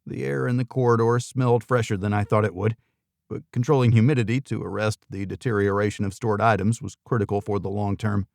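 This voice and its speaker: A man's voice: fairly even intonation, fairly quick, vocal fry, a little mellow, no echo. A man narrating a first-person thriller audiobook with a dry, wry delivery. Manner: dry, wry delivery, lifting pitch for dialogue.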